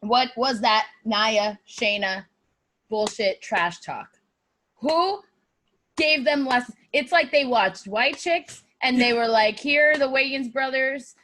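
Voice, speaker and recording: A woman's voice: fairly high pitch, slow pace, fairly bright tone. A woman co-hosting a podcast, chatting casually and animatedly, swearing and laughing often. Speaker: podcast co-host. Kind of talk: casual wrestling chat.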